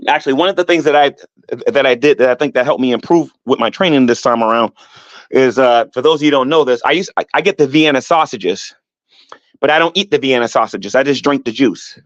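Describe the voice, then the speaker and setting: A middle-aged man ranting on his vlog, animated and defensive, repeating himself and climbing higher when heated. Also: fairly quick, no room sound, lo-fi sound. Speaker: YouTuber. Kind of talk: rambling vlog rant.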